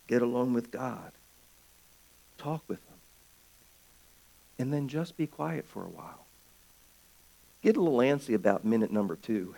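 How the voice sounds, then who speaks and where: A man preaching a sermon as pastor of his church, swinging from loud calls to hushed, quiet stretches. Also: medium pitch, gravelly.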